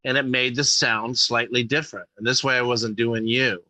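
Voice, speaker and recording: A male comedian talking casually as a guest, halting and full of restarts, with a bit of swearing. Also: medium pitch, steady tone, noisy background. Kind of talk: casual chat.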